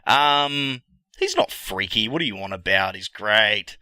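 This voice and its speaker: A man's voice: fairly low pitch, expressive, a little slow, pushed and bright, clean tone, no echo. A man on a gaming podcast panel, giving earnest advice in casual chat.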